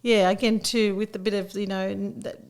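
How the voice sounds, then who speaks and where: A middle-aged woman, a childcare educator on a podcast giving gentle, reassuring advice in a casual chat. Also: medium pitch, flat delivery, fairly quick, clean tone.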